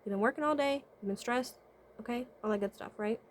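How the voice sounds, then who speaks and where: Slightly high-voiced woman giving casual advice. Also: brisk, slight background noise. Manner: asks many rhetorical questions and checks in with listeners; hums "mm-hmm" often while thinking aloud. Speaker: vlogger and spiritual consultant. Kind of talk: casual advice monologue to camera.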